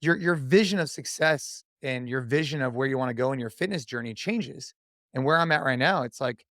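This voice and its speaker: Energetic man talking like a coach. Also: medium pitch, fairly quick, dry recording, studio quality. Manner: energetic, coach-like, says dude and man a lot. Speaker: podcast guest, CrossFit athlete. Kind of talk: casual podcast chat.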